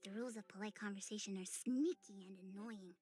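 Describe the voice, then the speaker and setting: A woman voicing an odd, whimsical young woman hosting a tea party, rambling dreamily with sudden leaps in pitch. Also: fairly quick, dark tone, soft background music, close to an everyday voice.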